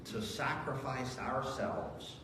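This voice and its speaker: A male pastor preaching a sermon, earnest and storytelling, moving between raised emphasis and quiet reflection. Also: medium pitch, slow, background noise. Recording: very echoey church hall, voice from far off.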